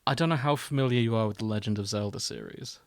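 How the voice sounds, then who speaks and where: Man, podcast co-host, wry quick remarks, medium pitch, dry sound. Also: no room sound. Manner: quick wry quips, laughs often. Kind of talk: casual chat.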